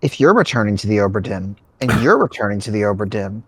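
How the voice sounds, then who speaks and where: A man's voice: lowish voice, sing-song, fast, husky, no room sound. A man on a casual group podcast, cracking puns and jokes as he votes. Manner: jokey, punning. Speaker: podcast panelist.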